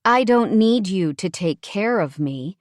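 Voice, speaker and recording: A woman's voice: mid-range voice, expressive, unhurried, dry recording, clean studio sound, close to an everyday voice. A woman voicing a poised upper-class woman who speaks coldly and firmly, in an audiobook. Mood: icy. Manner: cold, precise, steely.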